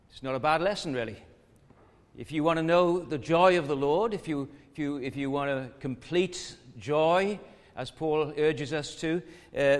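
A man's voice: mid-range voice, long reverb tail. A man preaching a sermon in an easy, conversational way, with many fillers and restarts and rhetorical questions to the congregation. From not from the United States.

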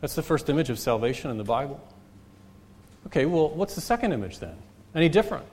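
Emphatic preacher, fairly high voice. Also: male voice, very animated, fast. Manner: emphatic, repeats key phrases for stress; preaching with wide swings in loudness and pace. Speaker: pastor. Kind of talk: sermon.

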